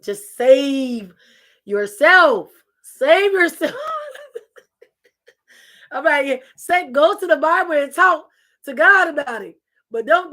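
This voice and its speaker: Sassy high-voiced woman host. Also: a bit bright. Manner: sassy, emphatic, calls listeners baby. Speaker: talk show host. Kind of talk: candid opinion talk.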